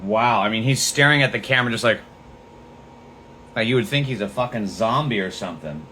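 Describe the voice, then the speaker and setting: A man's voice: fairly low pitch, animated, fairly quick, pushed and bright, a little hiss or hum. A man hosting a political podcast livestream, talking in a profane, sarcastic, mocking way. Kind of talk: livestream commentary.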